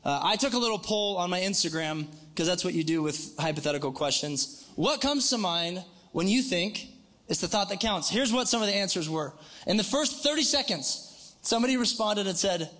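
Male pastor, high voice, chatty and joking, preaching live to a congregation. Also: normal speed. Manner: conversational, joking, animated. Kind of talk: sermon. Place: church in Northwest Montana.

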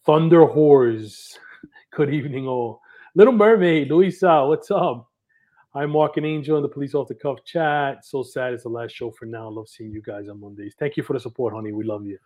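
A man's voice: mid-range voice, fairly even intonation, brisk, darkish tone. Male co-host, upbeat chat-reading delivery, mid-range voice. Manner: upbeat, reads names with a lift. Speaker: podcast co-host. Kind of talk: reading chat messages aloud on a live stream.

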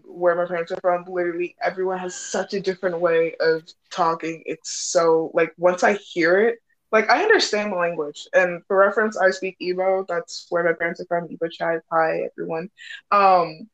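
A woman's voice: on the low side, fairly even intonation, moderate pace, lo-fi sound. A woman hosting a casual chat, rambling and giggly with lots of fillers. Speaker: host.

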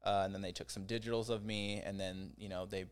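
A man's voice: fairly low pitch, flat delivery, fairly quick, smooth. A young man telling a personal story in a casual, rambling way, with many fillers and restarts.

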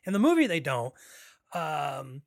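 A man hosts a podcast in loose film chat, his voice sitting a bit high for a man. He rambles, circles back and gets excited as he goes. The sound is dry and close. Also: unhurried, dry recording. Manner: rambling, excitable, many fillers and restarts. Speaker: podcast host. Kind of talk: casual film discussion.

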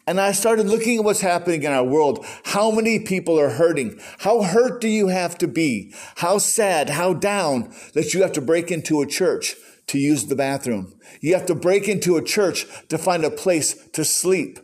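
A man's voice: fairly high pitch, lively intonation, normal speed, few pauses, darkish tone. An older man preaching a sermon in a conversational storytelling way, acting out quotes. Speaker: pastor.

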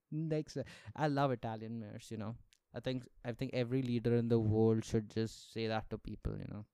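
A man's voice: mid-range voice, steady tone, moderate pace, warm tone, clean tone, dry recording. Sarcastic, profane young man ranting. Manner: sarcastic, profane, laughs often. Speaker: podcast host. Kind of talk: casual solo podcast rant.

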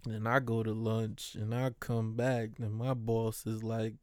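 A man's voice: on the low side, little pitch movement, a little slow, hardly any pauses, clean tone, dry recording, clean studio sound. A man who works as a postal clerk, casually telling stories from his workday, swearing freely and mimicking the people he describes.

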